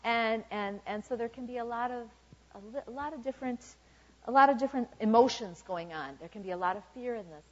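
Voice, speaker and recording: A woman's voice: a little high, animated, brisk. A woman in her fifties giving an informal, chatty sermon full of "okay" and "you know" asides. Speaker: church speaker. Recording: dull lo-fi recording.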